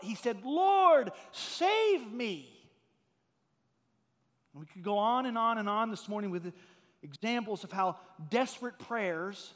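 A middle-aged pastor delivers a sermon with earnest storytelling that climbs to loud, emphatic peaks. His voice sits high for a man. The sound trails off in the long reverb of a big room.

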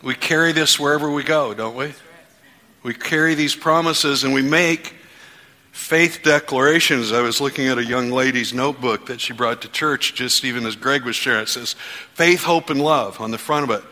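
Bright-voiced pastor in a reverberant church. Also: male voice, medium pitch, normal speed. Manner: rising fervent declarations. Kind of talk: church sermon. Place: church sanctuary.

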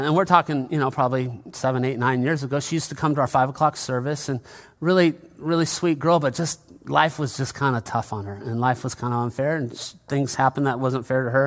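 A man's voice: mid-range voice, a bit bright. A male pastor preaching a conversational sermon in church, often calling out to the congregation.

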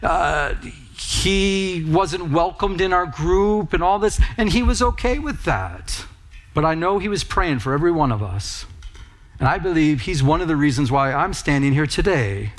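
A man's voice: on the high side, lively intonation, moderate pace. Earnest middle-aged male preacher. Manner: earnest, conversational preaching with personal stories. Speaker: pastor. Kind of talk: sermon.

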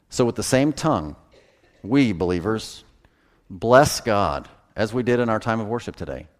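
A pastor in the middle of a sermon, folksy and lively. His voice swoops up and down constantly, and he chuckles along at his own jokes. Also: fairly low pitch, moderate pace.

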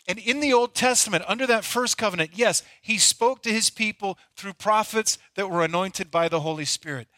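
A man's voice: high-pitched, normal speed, hardly any pauses, pushed and bright, no room sound. A middle-aged male pastor delivering a conversational, storytelling sermon.

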